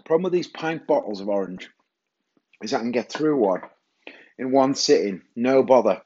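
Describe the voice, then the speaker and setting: A man's voice: mid-range voice, animated, moderate pace, darkish tone, muffled recording, slight background noise. Chatty man rambling in his kitchen. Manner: chatty, self-mocking, swears casually. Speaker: podcast host. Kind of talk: rambling solo podcast chat. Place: home kitchen.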